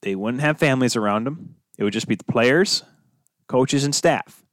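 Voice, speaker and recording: In a studio-quality recording free of room sound, a man hosts a sports podcast alone, speaking in a mid-range voice at a moderate pace. He keeps it casual, going off on tangents and making self-deprecating asides.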